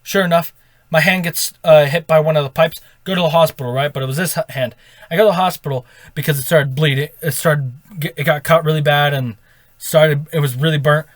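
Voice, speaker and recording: Casual male storyteller, fairly high voice, rambling with self-corrections, dry sound. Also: fairly even intonation, brisk, dry recording. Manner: rambling, with self-corrections and "right?" tag questions. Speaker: storytime vlogger.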